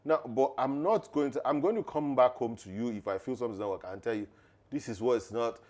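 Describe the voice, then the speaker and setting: A man's voice: medium pitch, fast talker, a crowd in the background. A man co-hosting a podcast, talking emphatically and laughing often. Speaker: podcast co-host. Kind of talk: conversational podcast talk.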